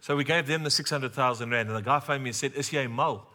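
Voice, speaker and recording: A man's voice: mid-range voice, fast, sharp tone, a little hiss or hum. A middle-aged man preaching a sermon, telling a humorous personal story and talking straight to the congregation.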